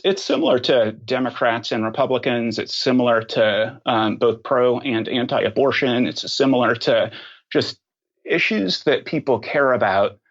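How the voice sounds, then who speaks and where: A man speaking as a podcast guest, thoughtful and unhurried, with many ums and restarts. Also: medium pitch, lo-fi sound. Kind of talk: casual interview talk.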